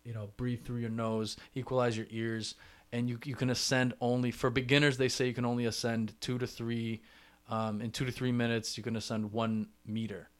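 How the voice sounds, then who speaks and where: Young guy telling a story on his podcast, super chatty, says like a lot, voice not high not low. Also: level tone, moderate pace. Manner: chatty, filler-heavy, many restarts and "like". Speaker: podcast host.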